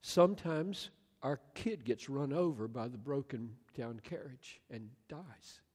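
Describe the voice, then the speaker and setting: A man in his sixties preaches with passionate earnestness, at a middling pitch. He swings from loud outbursts to hushed words, and long reverb fills the large hall around him. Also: a little slow, husky. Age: 60s. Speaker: pastor. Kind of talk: sermon.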